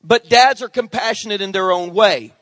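A middle-aged male pastor preaching a sermon in an animated way, calling on the congregation for amens. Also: high-pitched, moderate pace, no room sound.

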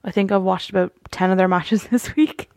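A woman's voice: mid-range voice, fairly even intonation, moderate pace, darkish tone, dry recording, studio quality. A woman co-hosting a podcast, chatting casually about a wrestling show, laughing often and rambling through restarts. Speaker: podcast co-host.

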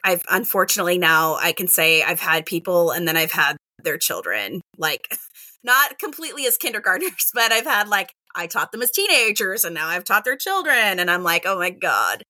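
Speaking at a fairly low pitch and normal speed, a middle-aged kindergarten teacher chats casually in an interview, acting out quoted back-and-forths animatedly with frequent "like" and "right?". There is no room sound.

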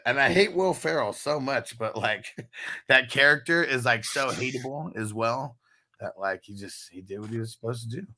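A man's voice: medium pitch, moderate pace, bright, forceful tone. A man hosting a fantasy football podcast, chatting casually with loose, laughing, profane banter. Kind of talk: casual chat.

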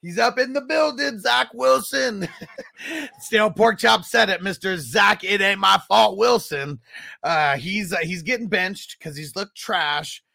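A man hosting a casual football podcast, his voice high and bright with a gravelly fry. He banters in loose slang and laughs easily between points. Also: measured pace. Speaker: podcast host. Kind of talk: casual sports podcast chat.

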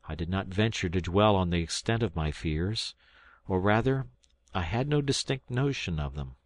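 Very deep-voiced man narrating an audiobook. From South Carolina, United States. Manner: measured, steady reading that lifts into dialogue. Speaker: volunteer audiobook reader.

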